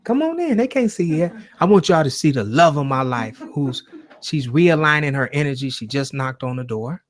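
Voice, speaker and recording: Male livestream host, casual chat, profane and emphatic, slightly high voice, talks to his viewers. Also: very animated, moderate pace. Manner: loose, profane, emphatic preaching tone. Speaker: host of a call-in show.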